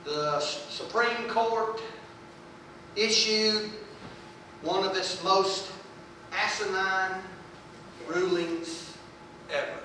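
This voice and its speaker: A man's voice: high-pitched, steady tone, extremely slow, long pauses, bright, forceful tone, a little hiss or hum. A man preaching a sermon in a folksy, emphatic way, repeating words for stress. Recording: echoey room, voice from a distance.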